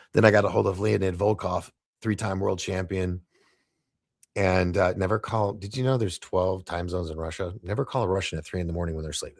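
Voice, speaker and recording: Gravelly low-voiced man telling stories. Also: no room sound, studio quality. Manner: animated anecdotes, acting out quoted dialogue in shifting voices. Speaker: guest. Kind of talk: casual storytelling in a podcast interview.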